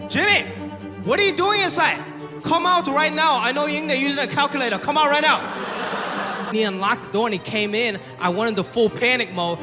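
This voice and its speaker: A man doing a stand-up set on stage, telling stories and acting out his parents in voices. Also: high voice. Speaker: stand-up comedian.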